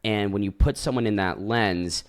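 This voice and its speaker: A man's voice: lowish voice, moderate pace. Man recapping a reality show casually. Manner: animated storytelling, acts out quotes, swears. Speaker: podcast co-host.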